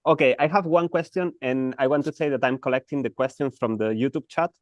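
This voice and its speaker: A man's voice: medium pitch, fairly quick, no echo. A man moderating audience questions in a casual panel, brief and polite.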